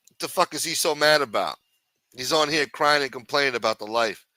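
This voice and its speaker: A man's voice: medium pitch, fairly quick, sharp tone, no echo. A man hosting a live stream, ranting and swearing constantly in an irritated, complaining way. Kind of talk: casual profane rant reacting to a stream.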